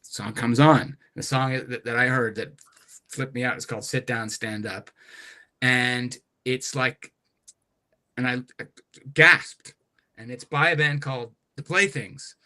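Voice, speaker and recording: A man talking as a podcast guest, telling a rambling, animated story with many restarts. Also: mid-range voice, measured pace. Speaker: guest musician.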